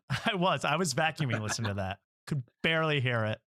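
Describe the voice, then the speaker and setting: A man hosts a late-night comedy show in a loose, mocking way. He laughs often between jokes and talks at an ordinary pitch. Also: expressive, brisk, pushed and bright. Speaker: host. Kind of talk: casual comedic chat.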